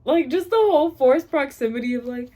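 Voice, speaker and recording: Woman, book vlogger, casual reactions, dramatic and exasperated, very lively pitch. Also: brisk, noisy background. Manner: dramatic, exasperated, laughs often. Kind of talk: casual reading vlog reactions.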